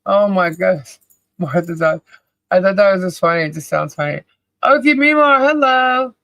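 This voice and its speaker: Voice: mid-range voice, expressive, normal speed, creaky, sharp tone, no room sound. A podcast co-host chatting casually on a livestream, cheerfully calling out viewers' names and laughing often.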